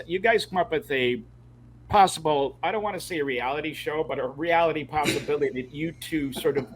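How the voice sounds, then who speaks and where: A male podcast co-host with a slightly high voice keeps the conversation moving. He sounds genial and friendly as he thanks the guest. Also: fairly bright tone, poor audio. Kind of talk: casual chat.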